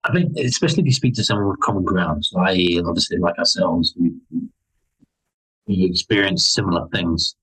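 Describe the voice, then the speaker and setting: A young man, chatting casually on a podcast as a guest and telling stories with lively acted-out voices. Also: low voice, fairly quick, slightly rough, low-quality recording. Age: young adult. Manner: animated storytelling, acts out other people's lines. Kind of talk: casual chat.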